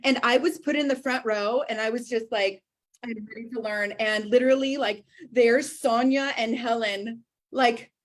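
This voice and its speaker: A woman in her thirties hosting a livestream, gushing and excitable as she talks to her viewers. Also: on the high side, moderate pace. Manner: gushing, excitable, addresses viewers as you guys. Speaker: host.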